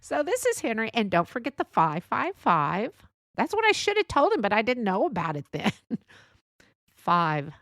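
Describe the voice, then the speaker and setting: A woman's voice: fairly high pitch, wildly swooping pitch, normal speed, fairly bright tone, no room sound. Woman, podcast host, chatty, laughs a lot, dry close sound. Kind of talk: casual solo podcast talk.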